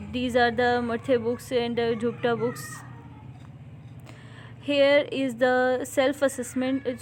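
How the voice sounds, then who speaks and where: Woman, Indian English accent, grammar lesson, slightly high-pitched, reads examples aloud, halting restarts. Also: a little mellow, slight background noise. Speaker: grammar teacher. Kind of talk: slide-based grammar lesson.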